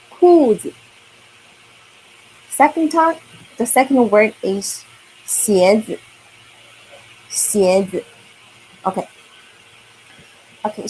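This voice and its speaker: A woman runs a beginner language lesson for kids at a slow, unhurried pace, repeating each new word so the children can say it back. Her voice sits at an ordinary middle pitch. A faint hiss of background noise runs under her computer microphone. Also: a little mellow. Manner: slow, patient, repeats words for learners to echo. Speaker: Chinese teacher. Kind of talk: online kids' language lesson.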